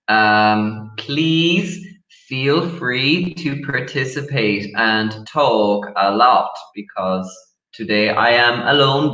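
A man from Ireland, teaching an online English lesson slowly, with many pauses and fillers. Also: on the low side, pushed and bright. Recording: echoey room, dull lo-fi sound.

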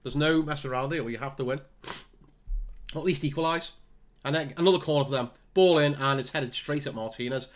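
Guy narrating his own football sim, bit higher voice, mutters then gets loud. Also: brisk. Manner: excitable, talks to himself, groans and mutters between bursts. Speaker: gaming YouTuber. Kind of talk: live commentary on his own game.

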